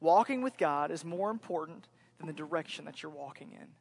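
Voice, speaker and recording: A high-voiced man in his thirties from Central Florida delivers a sermon as a pastor. He speaks earnestly and repeats his key points, softening into reflective asides. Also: lively intonation, brisk, gravelly.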